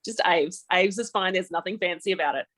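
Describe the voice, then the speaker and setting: Chatty Australian woman, lowish voice. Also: a little fast, fairly bright tone. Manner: chatty, laughs easily. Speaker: guest speaker. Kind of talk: webinar presentation.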